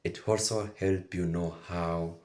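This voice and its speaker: Male reaction host with a very low voice, enthusiastic and repetitive chat. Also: steady tone, unhurried, a little mellow. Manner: enthusiastic and repetitive, circling back to his points. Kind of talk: casual commentary to viewers.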